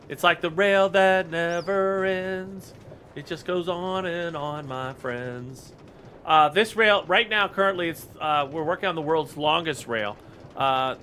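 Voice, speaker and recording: Chatty streamer guy greeting his viewers, kinda high pitched, faint hiss behind. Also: sharp tone. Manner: chatty, greets viewers by name, rambles with fillers. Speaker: game streamer. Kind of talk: casual live-stream chat.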